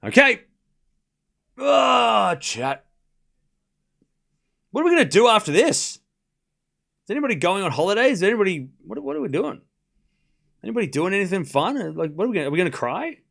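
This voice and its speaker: A young Australian man hosts a live watchalong stream, calling points and replying to chat between rallies, chatty and laughing often. His voice is high-pitched, gravelly and a bit bright, with big pitch swings, a slightly fast pace and long pauses.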